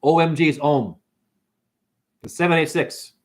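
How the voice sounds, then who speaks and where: A man running a livestream keeps his intonation fairly even and his pace measured during a casual, slangy spiritual monologue. Quoting others, he shifts into high-pitched mockery.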